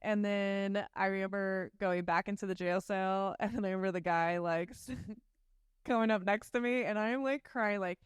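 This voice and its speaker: A young woman, a podcast guest, telling a story in a casual, animated way and acting out the voices of the people in it. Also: medium pitch, unhurried, clear, resonant tone, no echo, clean studio sound. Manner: animated, acts out quoted dialogue.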